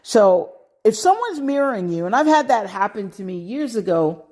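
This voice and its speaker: A woman's voice: medium pitch, sing-song, moderate pace, mellow. Middle-aged American woman host, casual advice monologue, emphatic delivery with "okay" asides. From United States. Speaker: podcast host.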